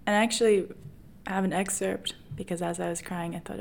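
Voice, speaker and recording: A woman's voice: mid-range voice, fairly even intonation, a little fast, creaky, slight background noise. Candid young woman telling a personal story. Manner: candid, self-mocking, laughing through the story. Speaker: podcast host.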